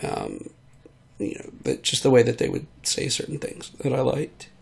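A man rambles through a casual monologue while sick. His voice has a steady middle pitch and a gravelly, creaky texture. He wanders from thought to thought, trails off and fills gaps with ums. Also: normal speed. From United States. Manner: meandering, trailing off, many fillers. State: sick, voice hard to control. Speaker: vlogger.

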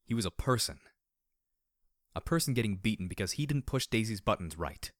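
A man's voice: on the low side, animated, brisk, no room sound. A man reading first-person fiction aloud as an audiobook narrator, reflective with a dry, sardonic edge.

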